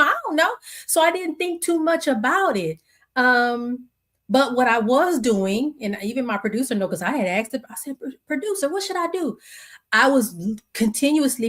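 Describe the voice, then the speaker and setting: A woman in her forties hosting a podcast, telling a personal story in a reflective, conversational way, acting out quotes and restarting her sentences. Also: a little high. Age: 40s. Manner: conversational, searching, with many restarts and acted-out quotes. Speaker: podcast host.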